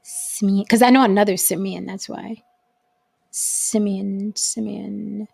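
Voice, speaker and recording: A woman's voice: mid-range voice, moderate pace, gravelly, darkish tone. A woman hosting a livestream talk show, speaking bluntly and emphatically with frequent profanity. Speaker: host.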